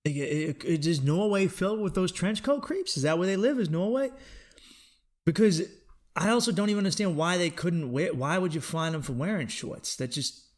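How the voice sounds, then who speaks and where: A man's voice: sits high, animated, moderate pace. A man hosting a comedy podcast, riffing through a profane monologue and laughing at his own jokes.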